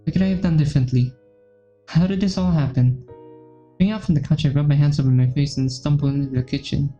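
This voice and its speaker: A man's voice: fairly high pitch, fairly even intonation, quick pace, dark tone. A man reading a visual novel aloud, narrating steadily in the first person on a dull lo-fi recording. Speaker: gaming YouTuber. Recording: dull lo-fi recording with faint music.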